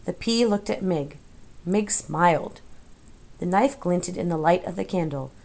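A woman narrating a children's novel as an audiobook in a measured, expressive way. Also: lowish voice, creaky. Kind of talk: scripted storybook narration.

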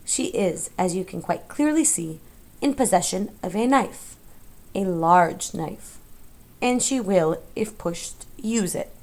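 A woman voicing a sly, menacing male rat villain in an audiobook, with smooth, coldly polite threats. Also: medium pitch, animated, slow, a little mellow. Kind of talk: audiobook character voice.

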